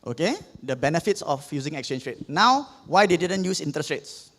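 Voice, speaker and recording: A man's voice: on the high side, expressive, brisk, fairly bright tone. A man with a Singaporean English accent giving an economics revision lesson, explaining step by step and checking in with "okay?" after most points. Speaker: economics tutor. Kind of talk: revision lecture. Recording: long hall reverb.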